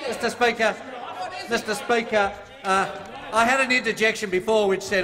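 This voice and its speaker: Fiery, sarcastic Australian man with a high voice, arguing procedure in parliament, hall reverb. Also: fairly even intonation, moderate pace, crowd noise. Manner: combative, mocking, reads rules aloud. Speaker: government minister in parliament. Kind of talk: parliamentary debate speech. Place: parliament chamber.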